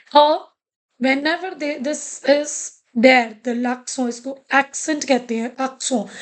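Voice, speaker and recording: A woman with an Indian English accent, teaching a beginners' French lesson to children, repeating each word slowly and coaxing the class along. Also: high voice. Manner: slow, repeats words and coaxes students.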